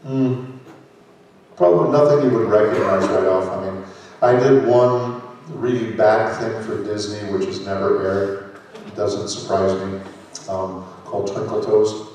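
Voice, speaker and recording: A man's voice: on the low side, measured pace, far from the mic. Older man telling stories in an echoey hall. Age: 60s. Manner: lively anecdotal storytelling with self-mocking jokes. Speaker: voice actor guest on a convention panel. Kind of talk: convention panel Q&A storytelling. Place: large convention hall. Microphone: handheld microphone.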